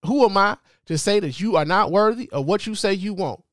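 A man in his forties hosting a show, giving animated, joking commentary full of profanity. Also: high voice, a little fast, no room sound, studio quality. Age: 40s. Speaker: host. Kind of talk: casual commentary.

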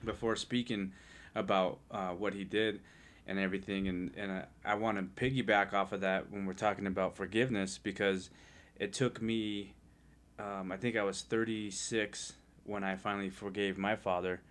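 A man with a fairly low voice speaks in an earnest, heartfelt way as a podcast guest. He tells his story in casual chat, often stopping and restarting his sentences. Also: flat delivery, normal speed, a bit bright. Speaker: podcast guest sharing testimony.

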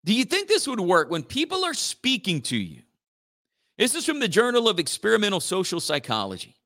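Male morning radio host, loose and jokey, bright forceful tone, a bit high-pitched. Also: huge pitch swings, a little fast. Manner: rambling, joking, does playful robot voices.

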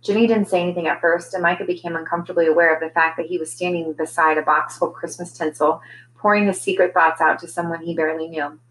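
A woman teacher reading a children's novel aloud in a gentle storytelling manner, giving the characters' lines their own voices. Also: lowish voice, steady tone, quick pace, slight background noise, rough recording.

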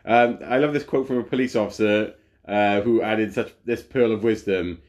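A man's voice: on the low side, moderate pace, darkish tone. Laid-back man rambling. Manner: rambling, laughs often, many fillers. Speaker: podcast co-host. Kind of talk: casual chat.

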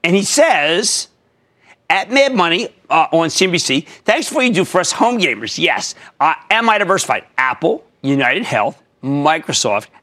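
A man hosting a stock market call-in show on TV, loud and emphatic as he talks through callers' holdings. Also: on the high side, big pitch swings, moderate pace. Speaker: host.

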